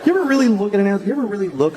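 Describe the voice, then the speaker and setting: Exasperated stand-up comic with big swings. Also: male voice, sits high, sing-song, rapid-fire, a crowd in the background, noisy background. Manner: conversational, exasperated storytelling with acted-out voices. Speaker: stand-up comedian. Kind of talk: stand-up comedy set. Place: comedy club stage. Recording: live comedy club audience laughing.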